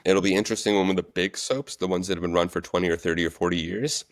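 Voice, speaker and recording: A man telling set stories as a guest, relaxed and chatty in a casual interview. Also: low-pitched, fast, no echo, clean studio sound. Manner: animated storyteller, relaxed and chatty. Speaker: guest, actor and stunt coordinator.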